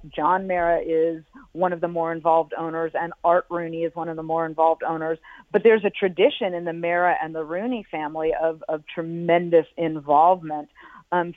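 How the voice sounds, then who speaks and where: A woman's voice: deep voice, no echo. Woman on a tinny phone line. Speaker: former football team executive, guest. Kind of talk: phone interview answering questions. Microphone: telephone.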